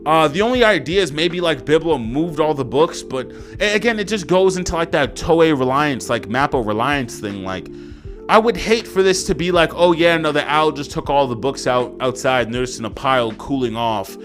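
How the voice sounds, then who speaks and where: Young man, slangy manga review, animated pitch, faint music behind. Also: moderate pace. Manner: rambling, profane, slangy, many fillers. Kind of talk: casual chapter review.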